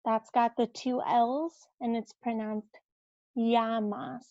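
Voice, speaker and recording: A woman teaching the Spanish alphabet, saying each word slowly and repeating it for learners. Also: fairly high pitch, fairly even intonation, dry recording. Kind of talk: slow alphabet pronunciation lesson. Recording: dull lo-fi dry audio.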